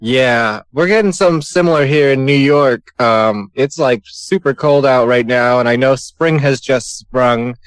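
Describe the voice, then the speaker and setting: A man's voice: medium pitch, a little slow, few pauses, clean tone, no echo. A middle-aged man, a filmmaker and podcast guest, talking casually with wry jokes and offhand swearing. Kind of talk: casual interview chat.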